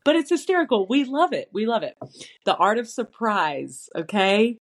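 A woman co-hosting a chatty podcast, talking in a lively way and laughing as she goes through a list of tips. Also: on the high side, normal speed. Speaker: podcast co-host. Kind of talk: casual chat.

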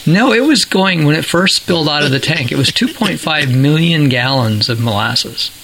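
A man's voice: a little high, expressive, normal speed, a bit bright, a little hiss or hum, poor audio. A man co-hosting a podcast in casual chat, chatty and laughing at his own stories. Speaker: podcast co-host.

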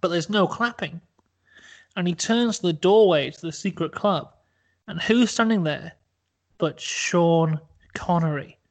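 Playful young man spinning a silly tale. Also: a little high. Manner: playful, mock-dramatic. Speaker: podcast host. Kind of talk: comedic storytelling.

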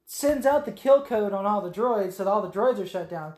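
Animated, swearing woman in an echoey room. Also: mid-range voice, a little fast. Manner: animated, swearing, breaks into quoted voices. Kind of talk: casual chat.

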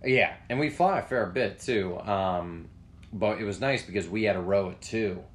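A man's voice: lowish voice, moderate pace. A young man co-hosting a podcast, telling rambling, profane stories in casual chat. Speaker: podcast co-host.

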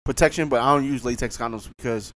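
A man's voice: mid-range voice, fast talker, fairly bright tone. A man co-hosting a casual chat, teasing and joking in slangy talk. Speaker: podcast co-host.

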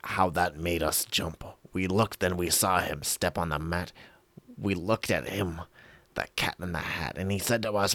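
A man with a very deep voice reads a children's rhyme aloud in a bouncing, theatrical sing-song. The sound is dry and close. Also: fairly even intonation, a little slow, creaky, a bit bright, no echo. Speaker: comic reader. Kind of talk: comic storybook reading.

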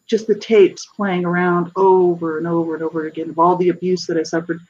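A middle-aged guest author giving a personal testimony in an interview, earnest and halting, with many restarts. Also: medium pitch, level tone, lo-fi sound, a little hiss or hum.

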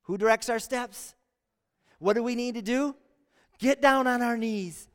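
Very high-voiced male pastor preaching. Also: measured pace, clear, resonant tone. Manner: earnest preaching with rhetorical questions and repeated phrases. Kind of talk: sermon. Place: church sanctuary. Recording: long church hall reverb.

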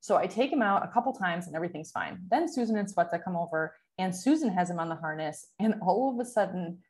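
Young adult woman, casual chatty storyteller, filler-heavy, quick to laugh. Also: on the low side, lively intonation, a little mellow. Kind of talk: casual chat, personal storytelling.

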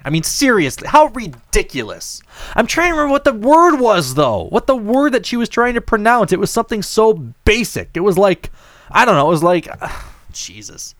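Animated chatty male podcast host. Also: high-pitched, a little fast, no room sound. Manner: animated, rambling, incredulous. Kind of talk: casual chat.

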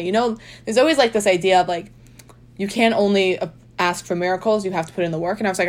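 A woman's voice: medium pitch, quick pace. A young adult woman telling a personal story in a casual, chatty way. She fills her speech with "like" and speaks with emphasis. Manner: chatty, heavy use of "like", emphatic.

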